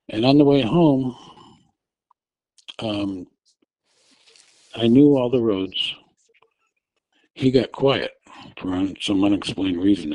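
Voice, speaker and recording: A man telling a personal story in a casual, halting way, and he gets loud and urgent when he acts out what he shouted. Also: on the low side, no echo, low-quality recording. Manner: relives the moment, shouting quoted directions loudly and urgently; halting, with restarts and fillers.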